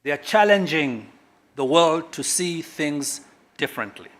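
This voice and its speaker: A middle-aged man from Kenya, a government guest speaker at a corporate launch, speaks emphatically and swings sharply between loud and quiet. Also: fairly high pitch, animated, measured pace. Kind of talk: public speech at a corporate launch.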